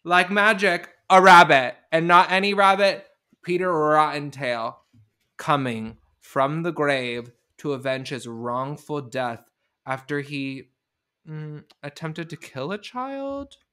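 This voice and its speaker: A man hosting a podcast, telling the story in an animated, sarcastic way in casual comedic chat. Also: a little high, slow, clear, resonant tone. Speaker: podcast host.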